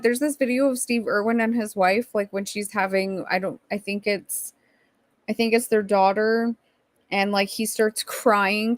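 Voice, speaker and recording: A woman's voice: medium pitch, vocal fry, no room sound. A woman hosting a casual livestream, reading chat messages aloud and rambling through her commentary. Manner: chatty, rambling, reacts to chat. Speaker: streamer host.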